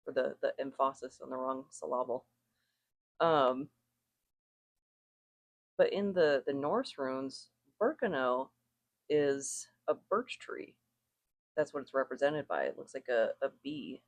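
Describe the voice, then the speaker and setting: A tarot reader talks to viewers in a relaxed, wandering way, pausing to rethink and correct themself. The voice sits in a middle pitch. The sound is dry, with no room echo. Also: creaky. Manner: meandering, thinks aloud, self-correcting, chuckles often. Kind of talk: casual spoken reading to viewers.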